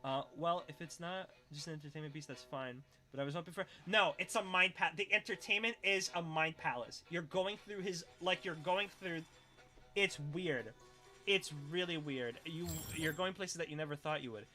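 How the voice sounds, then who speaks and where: A man's voice: a little high, moderate pace, sharp tone, faint music behind. A young man chatting casually on a livestream, reading chat, swearing freely and laughing often as he rambles.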